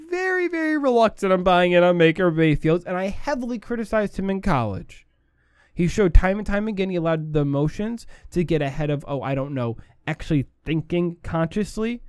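A man's voice: sits high, a little mellow, clear, resonant tone, dry recording, clean studio sound. A man hosting a sports talk show, giving opinionated commentary and repeating his points for emphasis.

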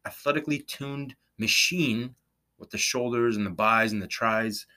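A man's voice: medium pitch, pushed and bright. A man co-hosting a sports betting talk show, joking and playful as he runs through tennis odds. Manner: jokey, playful, quick asides. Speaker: sports betting podcast co-host. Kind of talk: casual banter about tennis odds.

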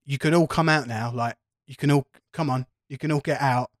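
A man's voice: mid-range voice, a little fast, no echo, studio quality, close to an everyday voice. A man voicing a rattled female fortune-teller who talks in a flustered, swearing way. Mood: coaxing.

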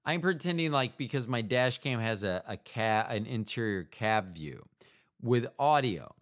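Speaking a little slowly at medium pitch with lively intonation, a U.S. podcast host delivers a rambling, casual monologue. He pokes fun at himself and keeps drifting off into side comments.

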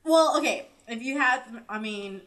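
A woman's voice: on the high side, expressive, moderate pace, fairly bright tone. A young woman co-hosting a podcast in casual chat, frank and opinionated, laughing easily.

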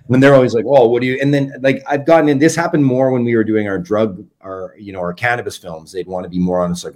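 A man's voice: medium pitch, a little mellow. A man from Canada, a documentary filmmaker, telling stories in casual chat and acting out both sides. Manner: quick storytelling, acts out both sides of exchanges.

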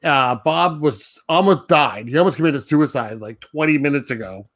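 A man's voice: fairly high pitch, normal speed, a bit bright. Chatty laughing man recapping a film. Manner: laughs often, loose retelling with many fillers. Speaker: podcast co-host. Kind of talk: casual movie discussion.

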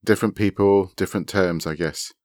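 A man's voice: deep voice, steady tone, brisk, darkish tone, no room sound, studio quality, close to an everyday voice. A man reading a bubbly flirty woman. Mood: teasing. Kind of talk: reading a story aloud.

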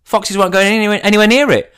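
A man's voice: high voice, steady tone, fast talker, fairly bright tone, smooth, pitched above the performer's own voice. A man putting on the voice of his dim, cheerful woman friend, breezy and unbothered.

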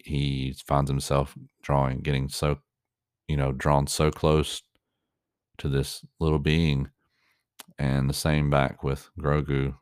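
A man's voice: very deep voice, clean tone, no echo, clean studio sound. A man giving reaction commentary on a show, earnest and openly moved, rambling with many fillers and restarts.

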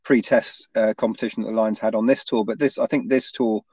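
A man's voice: on the low side, fairly even intonation, fairly quick, darkish tone, breathy edge, no room sound. A man in a casual sports chat, hesitant, restarting often and ending points with tag questions.

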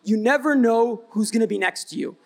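A man's voice: very high-pitched, fairly quick. A man, a brand founder on a live event panel, telling stories bluntly and with energy. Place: event stage before live audience.

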